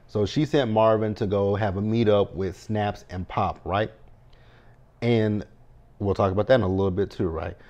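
The lo-fi clip features a man whose lowish, steady voice moves at normal speed and sounds a little mellow. Recapping a TV episode casually as host, he chats his way through the scenes, tacks "right?" onto lines, swears while reacting and shifts into quoted reactions.

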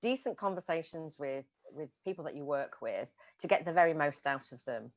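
A woman's voice: low voice, lively intonation, fairly quick. A woman, an executive coach and host, chatting enthusiastically over a video call and laughing often. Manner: enthusiastic, laughs often, restarts mid-phrase. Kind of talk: casual conversation. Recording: muffled lo-fi audio.

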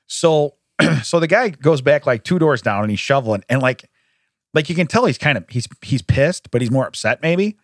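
A man's voice: fairly high pitch, normal speed, no echo, clean studio sound. A man co-hosting a podcast, telling a story in casual chat, laughing often and acting out what people said. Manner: animated, laughing often, acts out quoted voices. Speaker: podcast co-host. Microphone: studio microphone.

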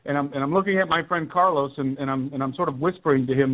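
A man's voice: fairly high pitch, fairly even intonation, fast talker. Earnest man on a tinny phone line. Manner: earnest, emphatic, repeats key points. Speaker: radio show guest. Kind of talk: personal testimony storytelling. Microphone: telephone.

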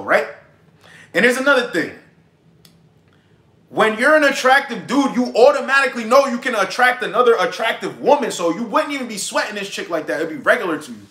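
Brash, bright-voiced young man preaching. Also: high voice, echoey room. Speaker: dating advice streamer. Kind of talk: casual livestream monologue.

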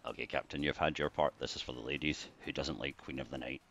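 A Scottish man rambling casually to camera, jokey, with sudden bursts of excitement between mumbled asides. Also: extremely low pitch, fast talker, creaky, dry recording. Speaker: vlogger. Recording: dull lo-fi dry recording.

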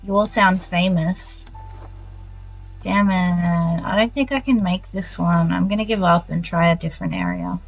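A woman's voice: fairly low pitch, measured pace, vocal fry, breathy edge, faint music behind, low-quality recording. An Australian woman streaming a video game, chatting casually with viewers and muttering reactions as she plays. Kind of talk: casual gameplay chat with live viewers.

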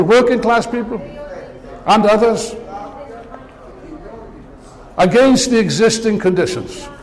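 A political speaker addresses a crowd with passion and scornful asides, his words echoing in the long reverb of a big meeting hall. He has a high-sitting voice with a darkish tone.

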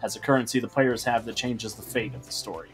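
A man's voice: mid-range voice, steady tone, quick pace, soft background music. A man hosting and running a tabletop role-playing game stream, upbeat and chatty with a fondness for puns. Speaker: game master.

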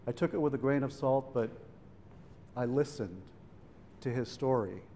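This middle-aged man has a medium-pitched, dark-toned voice and speaks at a normal speed. Addressing a public event in a museum event hall, he relates a family story conversationally, voicing the people he quotes. Hall reverb and faint background noise are audible.

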